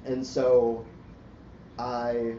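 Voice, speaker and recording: A man's voice: mid-range voice, monotone, drawn-out words, mellow. A man telling a long, profane story in casual chat, rambling and self-mocking and full of "like". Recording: roomy, dull lo-fi sound with faint hiss.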